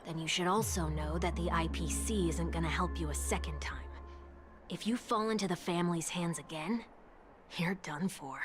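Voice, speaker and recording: A woman's voice: lowish voice, normal speed, natural voice. An actress as a blunt, sarcastic young woman. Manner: blunt and teasing. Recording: game audio with loud music behind.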